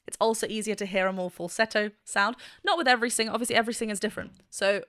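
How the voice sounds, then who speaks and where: A woman's voice: medium pitch, fairly even intonation, rapid-fire, a bit bright, no echo, studio quality. A woman vocal coach giving enthusiastic, explanatory commentary in a reaction video, now and then breaking into short sung demonstrations.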